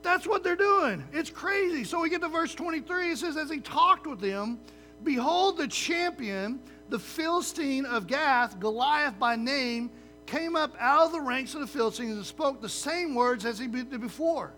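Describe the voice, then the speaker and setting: A man preaching a sermon in a lively, conversational way, often checking in with the listeners with "right?" and using sports comparisons. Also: extremely high pitch, moderate pace, soft background music. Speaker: pastor.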